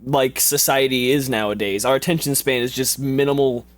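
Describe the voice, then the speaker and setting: A man's voice: mid-range voice, fairly even intonation, moderate pace. A man co-hosting a podcast, joking and chatting eagerly. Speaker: podcast co-host. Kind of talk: casual chat.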